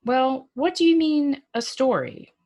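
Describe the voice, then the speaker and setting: A woman's voice: high voice, big pitch swings, a little slow, creaky, darkish tone, voice pushed up, heavily acted. A woman voicing a worried young man on the phone, anxious and questioning.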